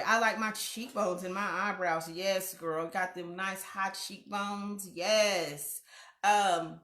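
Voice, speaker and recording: A middle-aged woman hosts a live online talk show, reading viewer comments in a warm, affirming, playful way and laughing often. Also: mid-range voice, reverberant.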